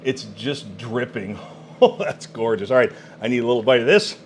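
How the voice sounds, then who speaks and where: A man's voice: medium pitch, normal speed, a little hiss or hum. Man demoing a cooker with gusto. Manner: enthusiastic, exclaiming over food. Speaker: product demonstrator. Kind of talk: cooking product demo.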